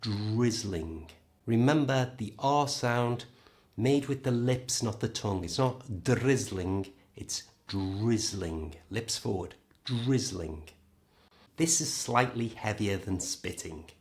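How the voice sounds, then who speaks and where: Slow-speaking British English teacher. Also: male voice, medium pitch, lively intonation. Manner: slow, clear, modelling words for the learner. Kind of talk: pronunciation lesson.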